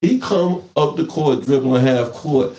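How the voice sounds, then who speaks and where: A man's voice: mid-range voice, measured pace, lo-fi sound. A man hosting a live podcast, telling stories in casual, profane slang. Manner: animated storytelling, profane slang. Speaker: podcast host. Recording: echoey room with faint noise.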